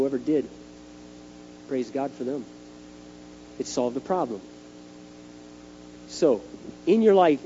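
A middle-aged man preaching a sermon, telling stories in an animated way and acting out the scenes. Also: medium pitch. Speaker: youth speaker. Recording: dull lo-fi tape with faint hum.

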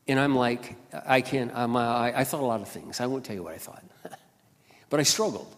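A man preaching a sermon as a pastor, passionate, dropping to quiet asides and then rising to loud exclamations. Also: mid-range voice, a little fast. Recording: long hall reverb.

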